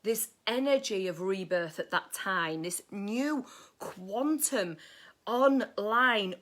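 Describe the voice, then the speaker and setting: A woman's voice: a little high, bright, forceful tone. A woman hosting a casual astrology livestream, playful and swearing, greeting viewers by name. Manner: playful, swearing, sings snatches of songs; reads viewer comments aloud.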